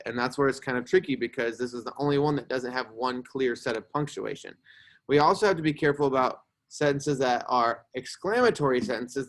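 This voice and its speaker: A young man teaching a grammar lesson to a class, explaining patiently and checking in with "right?" as he goes. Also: medium pitch.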